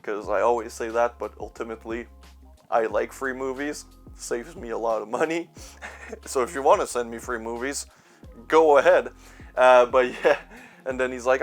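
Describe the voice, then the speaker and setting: With faint music in the background, a young man speaks at normal speed and medium pitch about the films he owns. It's a loose YouTube chat, rambling and sarcastic, with the odd swear word.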